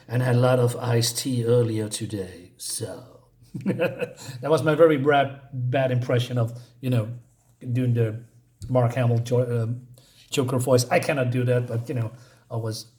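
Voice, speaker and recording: A man casually reviewing a comic book, rambling and hesitant with lots of fillers. He chuckles now and then between points, and his voice sits at a middle pitch. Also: fairly bright tone.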